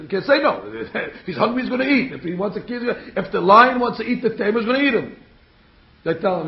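Rabbi delivering a sermon, gravelly, slightly high for a man; echoey, dull recording. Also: brisk. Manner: animated, rhetorical questions, acts out quotes. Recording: echoey room, dull sound.

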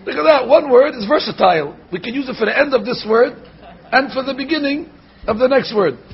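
A man giving a Torah class as a rabbi, animated, slowly sounding out words to show how they should be said. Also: very high voice. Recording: dull lo-fi recording.

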